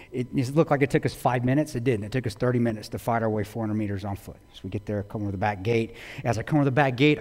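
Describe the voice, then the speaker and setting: A man giving a talk to an audience, telling a war story with intensity, swinging between loud bursts and hushed low lines. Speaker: guest speaker. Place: large auditorium. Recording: long hall reverb.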